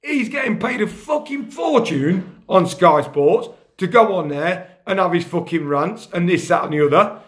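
A man's voice: high-pitched, expressive, normal speed, echoey room. A man hosting a casual football talk in his kitchen, ranting angrily and swearing constantly. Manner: angry, sweary, rants loudly. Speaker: podcast host, grassroots football coach.

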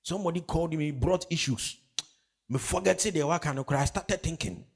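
A man's voice: fairly high pitch, normal speed, gravelly. A man preaching a sermon, emphatic, with call-and-response questions. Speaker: pastor.

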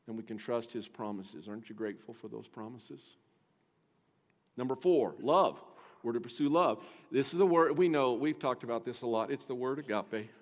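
A man preaching a sermon as pastor, earnest and putting direct questions to the congregation. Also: medium pitch. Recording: long echo of a large hall.

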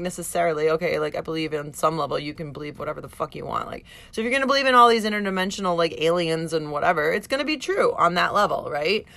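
A woman hosts her own podcast in a casual, profane and emotional monologue, at moments tearful and at others laughing. Her mid-range voice is lively and animated, putting on voices for quotes, in a dry recording.

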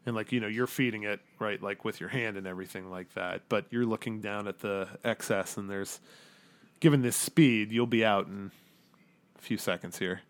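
A man's voice: on the low side, fairly even intonation, normal speed. A man narrating a tabletop game as game master, describing scenes in a loose, rambling way full of fillers.

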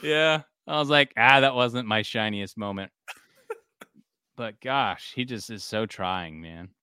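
A man in his thirties with a lowish, bright and very clear voice, chatting casually as a podcast co-host. He tells family stories animatedly and laughs a lot. The sound is dry and close. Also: slow, no room sound. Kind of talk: casual chat.

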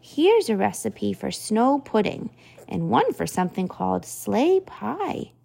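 A woman's voice: medium pitch, big pitch swings, unhurried, vocal fry, mellow, husky, exaggerated voice. A woman reading aloud and voicing an eager young girl who exclaims her lines. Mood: excited.

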